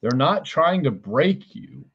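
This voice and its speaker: A man's voice: on the high side, sing-song, takes it slowly, husky. A man giving a blunt psychic reading on a livestream, relaying what he says spirits tell him. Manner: blunt, channels messages he says come from spirits; calls in angels and counts quietly under his breath. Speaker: psychic reader and healer. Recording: dull lo-fi stream audio.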